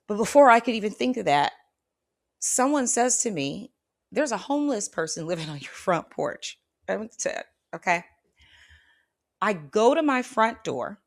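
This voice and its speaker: A woman host recounting a personal experience in an expressive, conversational way. Her voice is bright and forward, and she keeps checking in with her audience as she acts out her own reactions. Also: medium pitch, creaky. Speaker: spiritual channel host. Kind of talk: animated personal storytelling.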